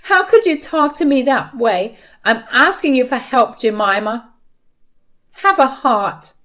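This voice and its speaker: A woman's voice: mid-range voice, expressive, measured pace, natural voice. A woman doing a desperate pleading mother-in-law. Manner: pleading, indignant.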